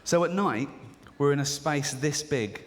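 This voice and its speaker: A man's voice: on the high side, animated, unhurried. A man doing live stand-up, chatty and storytelling, slipping into the voices of people in his anecdotes. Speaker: stand-up comedian. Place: large theatre stage. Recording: live hall reverb with faint audience ambience.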